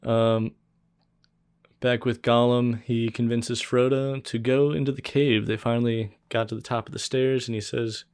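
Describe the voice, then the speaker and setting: A man co-hosting a casual podcast, recapping a film in a laid-back, even-toned way. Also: mid-range voice, measured pace, smooth, no room sound, studio quality. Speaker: podcast co-host.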